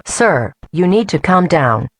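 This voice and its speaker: A woman's voice: lowish voice, very animated, takes it slowly, slightly rough, dry recording, exaggerated voice. A woman playing a composed, guarded hospital staff member in an amateur audio drama. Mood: firm.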